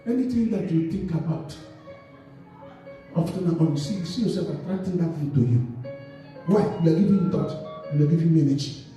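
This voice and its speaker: A high, mellow-toned man preaches a sermon and keeps asking his congregation to complete his sentences. He sounds distant from the mic, his voice ringing through a very echoey church hall, with faint music underneath. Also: a little fast, pauses often. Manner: call-and-response preaching, asks the congregation to finish his sentences. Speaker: pastor. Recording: echoey hall recorded from far off.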